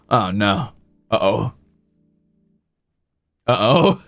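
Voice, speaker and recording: With soft music in the background and no echo, a male streamer talks at normal speed in a very animated, mid-range voice that's creaky and a bit bright. He chats casually with viewers, rambling and teasing himself.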